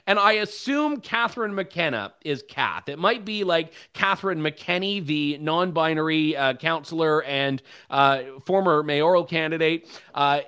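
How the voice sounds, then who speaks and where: A man giving sarcastic, animated political commentary. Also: high voice. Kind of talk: opinion commentary.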